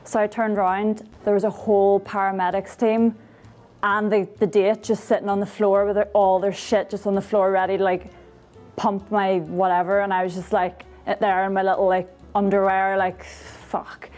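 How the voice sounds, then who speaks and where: Flat-voiced woman recounting a story. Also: medium pitch, moderate pace, faint music behind. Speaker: interviewee.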